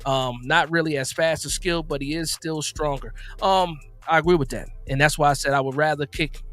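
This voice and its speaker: A man's voice: a little high, steady tone, a little fast, a bit bright, no echo, faint music behind. A man hosting a casual live-stream, reading viewers' comments aloud and reacting to each, often repeating his words. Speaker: host.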